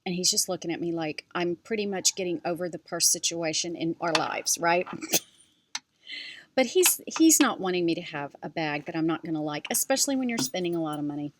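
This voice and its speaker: A middle-aged woman vlogger talks casually to her camera, chatty and animated as she tells her story. Her voice sits a little low for a woman. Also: a little fast, background noise. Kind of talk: casual handbag review vlog.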